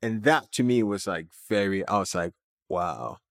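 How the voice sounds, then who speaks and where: A man, a company founder, telling a story as an interview guest in an animated way, with many filler words. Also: deep voice, moderate pace, no room sound, clean studio sound.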